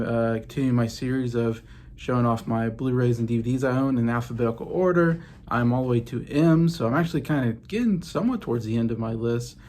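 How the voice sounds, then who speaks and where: Chatty guy in his late 30s, gravelly voice, casual home vlog from the basement. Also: medium pitch. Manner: chatty, meandering, enthusiastic. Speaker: YouTube host. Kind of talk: casual movie-collection vlog.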